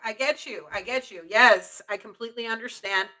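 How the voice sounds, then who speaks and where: A woman's voice: on the high side, normal speed, sharp tone, poor audio. A woman around forty hosting a live spiritual reading, earnest and encouraging, repeating phrases and checking in with "okay?". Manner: emphatic, repeats phrases, many restarts. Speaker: intuitive reader and live-stream host. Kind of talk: live-stream spiritual reading, answering chat.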